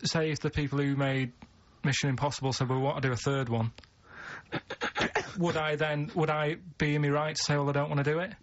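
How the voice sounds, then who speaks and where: English bloke chatting, slow literal musings, dull sound. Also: male voice, fairly high pitch, little pitch movement. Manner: plodding, literal-minded musings. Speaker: radio show regular. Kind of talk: casual chat.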